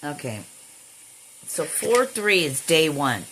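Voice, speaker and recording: A woman's voice: low voice, sing-song, takes it slowly, fairly bright tone, slight background noise, rough recording. A middle-aged woman talking casually into her phone camera, blunt and given to swearing, audibly irritated. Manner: blunt, swears freely, talks to herself. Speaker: vlogger. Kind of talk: casual vlog.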